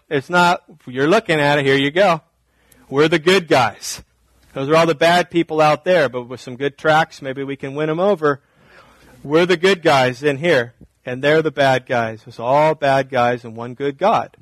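A man preaching a sermon, animated, swinging between loud emphatic lines and quiet asides. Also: fairly high pitch, measured pace, no room sound. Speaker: pastor.

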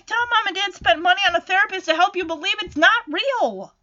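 A bossy little cartoon girl who scolds and nags, as a woman puts her on in a retelling, with a high, bright voice. Her pitch swings widely. The recording sounds slightly dull and lo-fi. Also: lively intonation, brisk, exaggerated voice. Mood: scolding.

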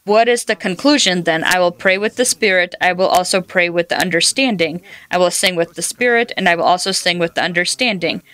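A woman's voice: lowish voice, brisk, few pauses, fairly bright tone, clean tone, no echo. A woman preaching a sermon, telling personal stories and quoting scripture in an earnest way. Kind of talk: sermon teaching.

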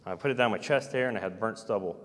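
Rambling man in a reverberant hall. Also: lowish voice. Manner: halting, with many fillers and restarts. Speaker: storyteller recounting personal experiences. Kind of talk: rambling first-person account.

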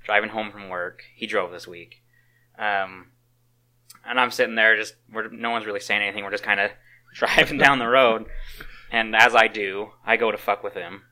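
A man's voice: on the low side, bright, forceful tone, poor audio. A young man co-hosting a casual podcast, telling stories with lots of swearing and laughter. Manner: profane, storytelling, laughs a lot. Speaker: podcast co-host. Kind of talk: casual chat.

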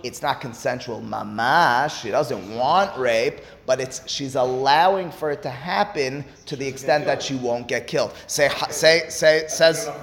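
A man's voice: mid-range voice, a little slow, few pauses, a bit bright. A man giving a Talmud study lecture, explaining step by step and posing rhetorical questions to his listeners. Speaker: Talmud teacher. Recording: echoey hall with long reverb.

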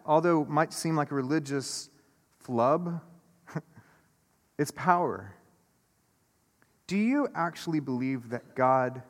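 A man preaching a sermon to a congregation in a church sanctuary, earnest and building through repeated phrases, then loosening into casual, chatty asides. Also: medium pitch. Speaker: pastor. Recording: echoey church hall.

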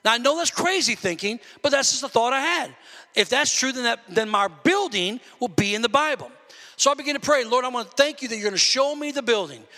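A man pastor preaching a sermon, animatedly acting out his talks with God and shouting at the peaks. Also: very high-pitched, lively intonation, a little fast. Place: church sanctuary. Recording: long reverb of a church hall.

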